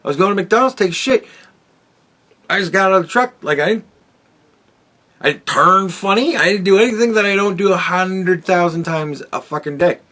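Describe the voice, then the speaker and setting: A man's voice: high voice, normal speed, pushed and bright. Profane rambling man telling a story. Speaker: podcast host. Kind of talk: casual monologue.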